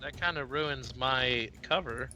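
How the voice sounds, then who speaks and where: A man's voice: medium pitch, slow pace, bright, forceful tone. A man playing a tabletop game, joking and cursing casually. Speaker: player.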